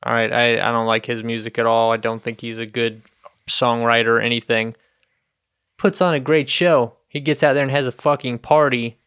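A man's voice: mid-range voice, steady tone, moderate pace, fairly bright tone, smooth, dry recording, clean studio sound. A young man co-hosting a podcast, laid-back in casual chat, swearing casually. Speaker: podcast co-host.

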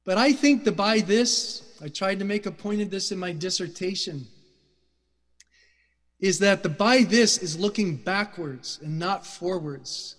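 Brief: middle-aged male preacher, fervent and emphatic, fairly high voice, echoing sanctuary. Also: a little slow. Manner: passionate, loud and emphatic. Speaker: guest speaker. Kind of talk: sermon. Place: church sanctuary. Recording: reverberant church hall.

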